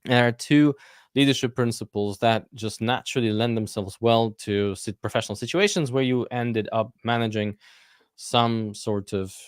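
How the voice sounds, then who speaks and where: A man working as an interview coach, answering questions in a live Q&A session, thinking aloud with frequent pauses and fillers. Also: medium pitch, fairly even intonation, smooth, no room sound, clean studio sound.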